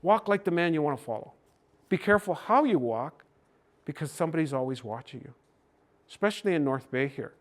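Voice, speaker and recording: An older Canadian man giving a gentle, folksy storytelling talk to a hockey team. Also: on the high side, animated, brisk. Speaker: speaker on cultural mindfulness.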